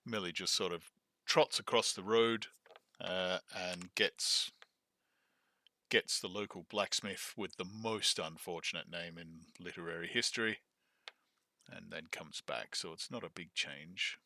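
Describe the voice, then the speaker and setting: A man talks casually through his audiobook editing, joking and greeting his chat. His voice sits low but sounds very bright and sharp, with a dry close sound. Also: unhurried, no room sound. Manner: chatty, joking, talking to chat while editing. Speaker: audiobook producer. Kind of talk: casual behind-the-scenes commentary.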